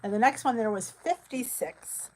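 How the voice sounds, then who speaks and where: A woman's voice: fairly high pitch, animated, normal speed, rough recording. Chatty middle-aged woman host. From New Jersey. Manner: chatty, laughs often, answers viewer comments. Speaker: weight loss channel host. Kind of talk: casual live-stream chat.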